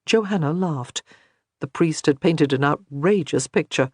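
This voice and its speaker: A man narrating an audiobook in a measured, expressive reading. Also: on the high side, breathy edge, no echo, clean studio sound.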